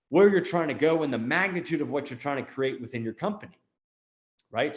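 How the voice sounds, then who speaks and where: A man's voice: fairly high pitch, echoey room. An American man hosting a show, giving a blunt, emphatic motivational talk on business and repeating points for emphasis. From United States. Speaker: host.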